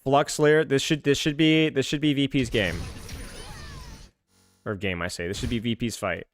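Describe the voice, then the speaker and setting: A man's voice: mid-range voice, fairly even intonation, normal speed, soft background music. A man casually reviewing an esports match, rambling and exasperated, repeating phrases over and over. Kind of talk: casual game review commentary.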